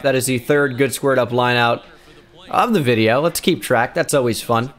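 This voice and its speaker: Sarcastic young man calling his own baseball game. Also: mid-range voice. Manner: sarcastic play-by-play, shouting in bursts of excitement. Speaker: gaming YouTuber. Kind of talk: gameplay commentary. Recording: game music faintly behind.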